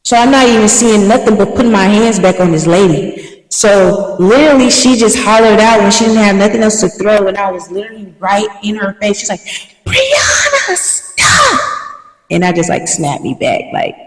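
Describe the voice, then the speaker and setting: With slangy enthusiasm and a fairly quick pace, a young woman shares a story the way a podcaster catches up with her audience. Her medium pitch reaches a distant mic in an echoey room, trailing a long reverb tail.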